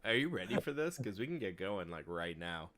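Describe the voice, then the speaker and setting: Dude streamer just chatting before going live, laughs a lot. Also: male voice, low voice, big pitch swings, brisk, fairly bright tone. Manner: laughs a lot and quotes meme songs in silly voices. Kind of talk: casual chat before a stream.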